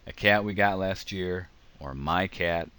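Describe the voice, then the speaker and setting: A man's voice: low voice, unhurried, fairly bright tone, clean tone. A man giving a casual grammar lecture over slides, explaining with examples and frequent ums. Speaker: teacher.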